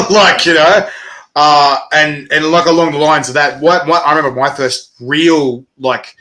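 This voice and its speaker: Aussie guy hosting a chat, bright sharp voice, tells stories loud and laughs a lot. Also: a little high, a little slow, a little hiss or hum. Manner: animated storytelling, swearing, laughing often. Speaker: interviewer host. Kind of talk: casual chat.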